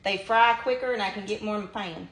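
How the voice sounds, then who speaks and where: Speaking quickly in a medium-pitched, slightly bright voice, a Southern home cook in middle age chats her way through a kitchen demo. She keeps it down-to-earth and addresses her audience as y'all, with oil sizzling in the background.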